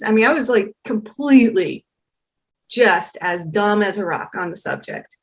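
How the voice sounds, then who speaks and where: Woman, podcast guest, animated storyteller, casual chat. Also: mid-range voice, moderate pace, a little hiss or hum. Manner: animated storyteller, acts out quoted exchanges. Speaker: documentary filmmaker guest.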